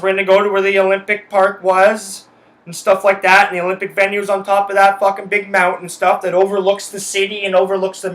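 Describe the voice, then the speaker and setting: A high-pitched, pushed and bright voice belongs to a young podcast host ranting on his own. He is furious, swears a lot, and stresses every point hard.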